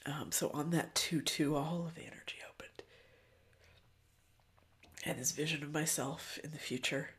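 A woman hosting a podcast, talking in a loose, candid, profane way about spiritual matters, with frequent ums and soft near-whispered stretches. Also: deep voice, steady tone, moderate pace, pauses often. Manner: often drops to a soft, breathy near-whisper. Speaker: podcast host. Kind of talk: casual spiritual reflection.

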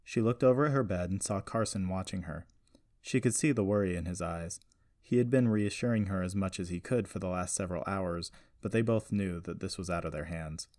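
A man reading a scripted story aloud in a steady, even-paced narration. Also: deep voice, fairly quick, no room sound, studio quality.

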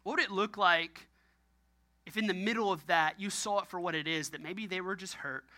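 A man's voice: high-pitched, moderate pace, bright, forceful tone. A man preaching a sermon about marriage, emphatic and repetitive, often laughing. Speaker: pastor.

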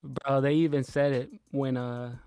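A man co-hosting a podcast, telling a long story in a relaxed way and acting out what others said. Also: mid-range voice, a little slow, creaky, clear, resonant tone. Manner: laid-back storytelling, retelling quotes. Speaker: podcast co-host. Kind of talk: casual chat.

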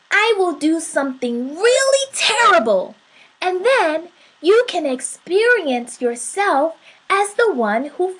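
A kind, wise spirit companion from a storybook, voiced by a woman reading aloud, speaking slowly and tenderly. Its high voice stays reassuring and soft-edged. Each phrase is given room and care. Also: full character voice, low-quality recording.

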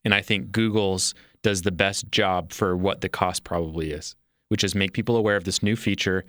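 Low-voiced man in casual talk. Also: steady tone, moderate pace, fairly bright tone, no echo, clean studio sound. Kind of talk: casual chat.

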